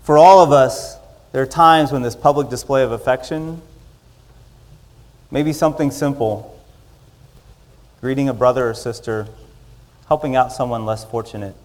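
A man preaching a sermon. He swings from loud, rising lines down to soft, quiet endings. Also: mid-range voice, normal speed, long pauses. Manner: dynamic, rising loud in the story and dropping to soft closings. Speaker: pastor.

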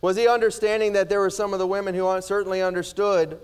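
A middle-aged male pastor preaching a sermon with emphatic swings from loud declarations to hushed words. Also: sits high, flat delivery, quick pace, clean tone.

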